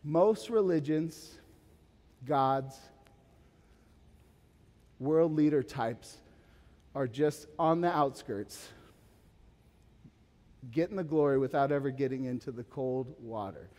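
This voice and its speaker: A man in his thirties preaching a sermon as pastor, animated, swinging from urgent emphasis to quiet asides with casual fillers. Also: mid-range voice, slow pace, long pauses. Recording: long hall reverb.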